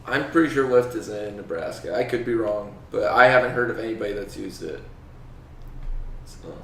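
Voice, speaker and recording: A man's voice: lowish voice, moderate pace, creaky, fairly bright tone, slight background noise. Laughing young man on a roomy, distant mic. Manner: laughs often, easygoing. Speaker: podcast co-host. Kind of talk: casual chat.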